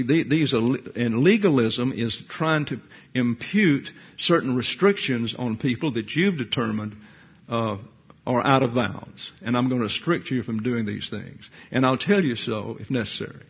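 A man's voice: medium pitch, gravelly, husky. A man teaching a verse-by-verse Bible lecture, digressive, with wry asides and thinking aloud between points. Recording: dull lo-fi lecture recording.

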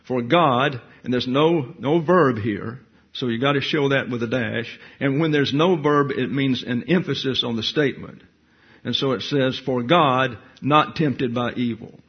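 A man's voice: medium pitch, moderate pace, husky. A man teaching a verse-by-verse Bible lecture, digressive, with wry asides and thinking aloud between points. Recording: dull lo-fi lecture recording.

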